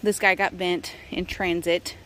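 A woman's voice: lowish voice, flat delivery, unhurried, fairly bright tone. A woman giving a casual garden-tour vlog outdoors, chatty and enthusiastic as she lists her plants. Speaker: gardening vlogger. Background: faint wind and outdoor noise.

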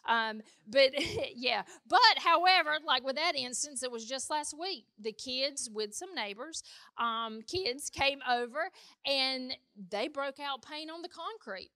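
A female pastor, telling family stories in an animated, chatty way during a conversational sermon. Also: sits high, measured pace, dry recording, studio quality.

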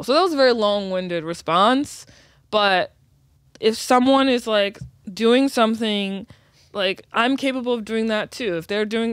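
Woman guest, thoughtful and earnest, mid pitch, dry close mic. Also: smooth, dry recording. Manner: reflective, earnest, many "like" fillers. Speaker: guest, writer and educator. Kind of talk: casual chat.

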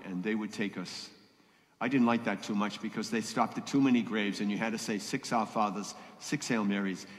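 A man, a priest giving a homily at Mass in a conversational way, often asking the congregation questions. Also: on the low side. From Boston area. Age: 70s. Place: church. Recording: long church reverb.

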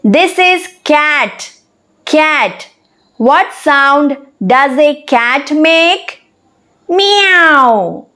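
High, very slow woman teaching children. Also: a bit bright. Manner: slow, deliberate, spelling words out letter by letter. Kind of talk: children's lesson narration.

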